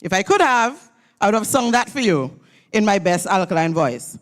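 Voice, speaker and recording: A woman's voice: mid-range voice, very animated, normal speed. A woman giving a motivational graduation address in a church. She speaks emphatically and leads call-and-response with her audience. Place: church hall at a graduation ceremony.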